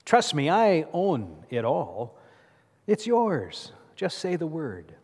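A man preaching a sermon, voicing the devil as a smooth male tempter who coaxes slowly. It is heard in a large church. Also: fairly high pitch, huge pitch swings, darkish tone, exaggerated voice. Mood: coaxing. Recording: long church reverb.

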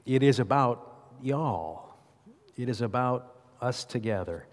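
A male pastor delivers a sermon in a church, loose and conversational, often asking the congregation questions. His mid-pitched voice carries a long reverb from the big sanctuary. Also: lively intonation, slow pace.

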